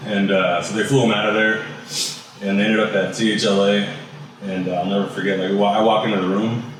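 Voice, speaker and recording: In a deep, low, level voice, a barbecue business owner talks fairly quickly as an interview guest, telling casual stories peppered with "you know," "like," and casual swearing. His voice sounds distant from the mic in a heavily echoing room, over faint background noise.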